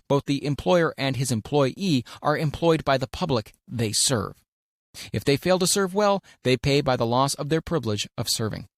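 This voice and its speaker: A man reading an audiobook aloud in a measured, deliberate way, leaning hard on key words. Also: medium pitch, dry recording, studio quality. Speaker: audiobook narrator. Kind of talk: scripted audiobook narration of a self-help classic.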